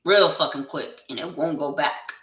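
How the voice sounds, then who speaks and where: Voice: mid-range voice, moderate pace, sharp tone, far from the mic. A tarot reader in a blunt, profane, heated casual rant to camera. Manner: heated, insistent. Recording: echoey room, voice away from the mic.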